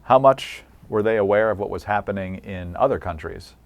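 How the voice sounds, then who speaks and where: A man's voice: lowish voice, moderate pace, creaky, no room sound. A man conducting an oral history interview, prompting with questions and summing up the answers.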